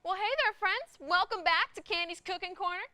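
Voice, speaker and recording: A woman's voice: very high voice, fairly quick, pushed and bright. A woman playing a cheery cooking show host who grows frazzled and snaps at her crew. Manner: cheery then exasperated, scolding crew. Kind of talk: sketch comedy acting. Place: TV studio set.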